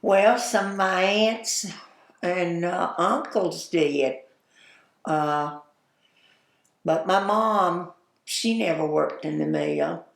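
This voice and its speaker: A woman's voice: fairly low pitch, vocal fry, roomy sound. An older woman with a Southern US accent, telling folksy stories in an oral history interview and laughing as she goes. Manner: folksy, chatty, laughs while telling anecdotes. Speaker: interviewee, former store owner.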